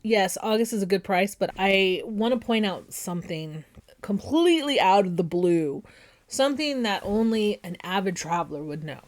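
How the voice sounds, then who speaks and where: A woman's voice: medium pitch, lively intonation, normal speed. Woman, flight attendant, casual reaction commentary, chatty, opinionated. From United States.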